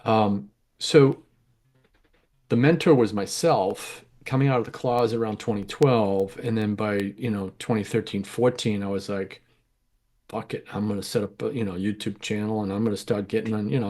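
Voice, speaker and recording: Middle-aged male interview guest, low register, casual and frank, talks in loose run-on stories. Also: moderate pace, a little mellow. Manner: rambling, candid, self-correcting. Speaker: interview guest, home grower.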